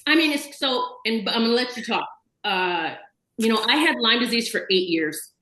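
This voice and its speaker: A woman's voice: on the high side, animated, normal speed, bright, forceful tone. Chatty woman host in an echoey room. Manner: chatty and enthusiastic, talking in long run-on bursts. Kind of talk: casual video chat interview.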